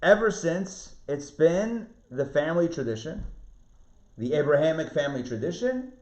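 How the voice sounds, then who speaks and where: A man, a rabbi, teaching an online Torah class, lively, restarting phrases and asking his students questions. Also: a little high, normal speed. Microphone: video call. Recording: roomy, muffled video-call audio.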